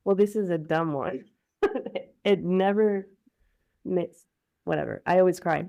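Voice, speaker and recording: A woman's voice: fairly low pitch, a little slow, gravelly, warm tone, lo-fi sound. A woman as a guest on a casual podcast, teasing and laughing easily. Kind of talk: casual chat.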